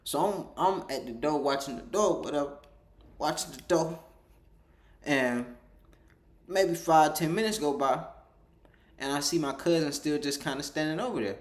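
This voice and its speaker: Male storyteller, casual rambling monologue, lively delivery, reverberant room. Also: on the high side, normal speed, pauses often. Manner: rambling, animated, acts out quoted dialogue. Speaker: storyteller vlogger.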